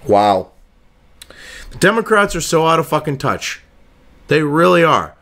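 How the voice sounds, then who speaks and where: Male commentator, crude sarcastic ranting, slightly high voice, swinging pitch. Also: very animated, a little slow, a bit bright. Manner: reads news excerpts aloud between rants. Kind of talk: profane political commentary.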